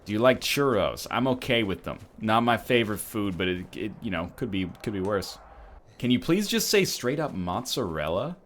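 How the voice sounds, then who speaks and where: A man's voice: on the low side, big pitch swings, normal speed, fairly bright tone. A man in his thirties giving casual, jokey let's-play commentary, rambling and slipping into mocking voices. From Canada.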